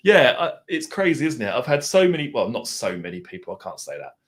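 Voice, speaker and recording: A man's voice: medium pitch, very animated, brisk, husky. A middle-aged man with an Essex accent, chatting casually on a livestream, reading out viewers' comments and musing aloud in a self-deprecating way. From Essex, England. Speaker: livestream host. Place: home.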